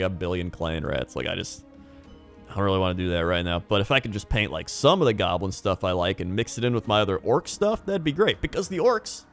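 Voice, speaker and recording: A young man with a lowish, slightly bright voice hosts a hobby video, talking casually and enthusiastically on his own. His monologue rambles, full of chuckles and restarts.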